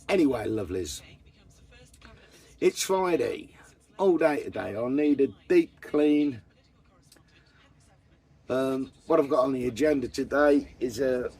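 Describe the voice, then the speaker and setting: A man's voice: medium pitch, expressive, a little slow, long pauses, a little mellow, breathy edge. A man chatting casually to camera about his camper van, blunt and full of swearing. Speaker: vanlife vlogger.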